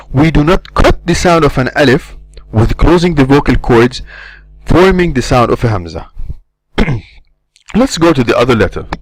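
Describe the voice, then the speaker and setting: A man teaches pronunciation on a dry, close recording, his pitch rising and falling a great deal as he explains. He says single syllables again and again, slowly, to show each sound clearly. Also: no room sound, poor audio. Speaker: Arabic teacher. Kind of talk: pronunciation lesson.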